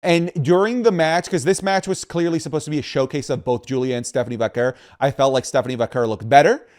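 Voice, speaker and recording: A man co-hosting a podcast in casual chat, animated and opinionated, often restarting his sentences. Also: mid-range voice, fast talker. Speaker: podcast co-host.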